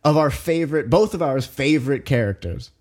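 A man in his thirties, a podcast co-host telling a long story in casual chat, animated, with lots of "like" and swearing. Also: on the high side, fairly quick.

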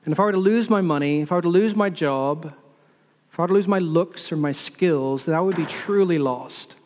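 A man's voice: on the high side, brisk, darkish tone. A man preaching a sermon as pastor, building repetitive lists and asking the listeners rhetorical questions. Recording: long reverb of a large hall.

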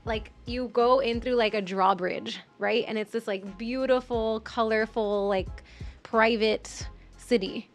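A woman's voice: a little high, steady tone, measured pace, faint music behind. Rambling woman telling a personal story. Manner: rambling, heavy use of "like", emotional retelling. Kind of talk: casual storytelling in a podcast chat.

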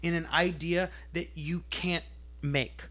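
A man's voice: a little high, fairly even intonation, slow, bright, forceful tone. A young man chatting casually on a podcast, joking and agreeable. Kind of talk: casual chat.

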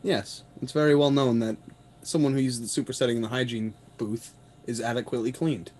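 A man playing a tabletop role-playing game in a deadpan, mock-formal way. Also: medium pitch, brisk. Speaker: player. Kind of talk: casual tabletop role-play chat.

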